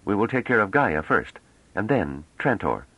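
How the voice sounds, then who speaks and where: A man's voice: lowish voice, very animated, moderate pace, bright, forceful tone, no echo, highs cut off, exaggerated voice. A man voicing a stern, resolute woman leader in an audiobook, speaking firmly and with command. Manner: firm, commanding. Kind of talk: audiobook character reading.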